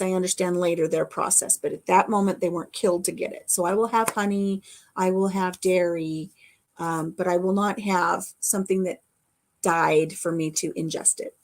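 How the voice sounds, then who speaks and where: Chatty homespun woman vlogger. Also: fairly low pitch. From American Midwest. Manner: chatty and homespun, reads out viewer comments. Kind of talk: casual chat to a live audience.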